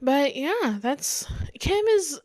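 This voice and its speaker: A woman's voice: high voice, big pitch swings, drawn-out words, darkish tone, dry recording. A young woman hosting her own podcast, chatting casually and candidly about reality TV, rambling with lots of "like" and "um". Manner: rambling, frequent "like" and "um", candid opinions. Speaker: podcast host.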